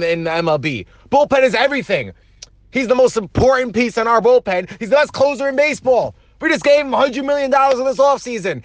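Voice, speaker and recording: High-voiced man ranting about baseball. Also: no echo. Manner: exasperated, repeats himself when upset. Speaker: baseball fan vlogger. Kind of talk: ranting reaction vlog.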